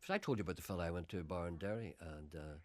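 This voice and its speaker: A man hosting a radio comedy show, trading deadpan, wry banter. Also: sits low, rapid-fire.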